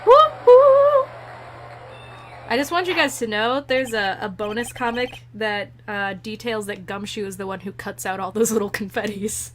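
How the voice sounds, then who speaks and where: A woman's voice: mid-range voice, moderate pace, hardly any pauses, fairly bright tone, a little hiss or hum. A woman streaming a game, chatting casually about what she sees and swearing now and then. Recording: game music behind.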